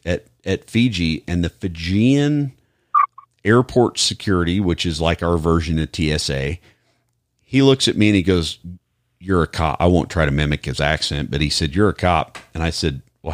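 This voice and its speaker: A deep-voiced American man, a police officer appearing on a podcast, rambles casually through his stories and keeps restarting his sentences. It's relaxed chat and storytelling, recorded with no room sound.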